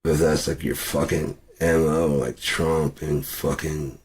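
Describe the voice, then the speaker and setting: A man ranting angrily to camera, swearing constantly and breaking into shouts. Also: a bass voice, little pitch movement, measured pace. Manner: profane and furious, shouting at times. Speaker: vlogger. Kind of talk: angry political rant.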